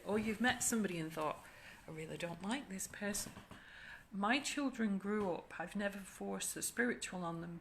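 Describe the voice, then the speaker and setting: A woman therapist giving a soft, reflective spiritual talk, speaking slowly and gently. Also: medium pitch, slight background noise.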